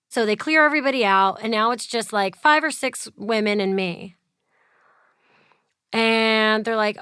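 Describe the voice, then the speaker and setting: Bright crisp-voiced woman telling her story. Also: fairly high pitch, moderate pace, long pauses, dry recording, studio quality. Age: 30s. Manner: chatty, fills with "like", acts out quoted voices. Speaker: interview guest. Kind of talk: personal storytelling.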